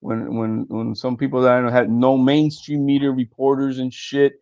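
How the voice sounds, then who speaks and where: A man's voice: medium pitch, little pitch movement, normal speed, darkish tone, no room sound, dull audio. A man talking boxing on a casual podcast, stammering and repeating words, with some swearing.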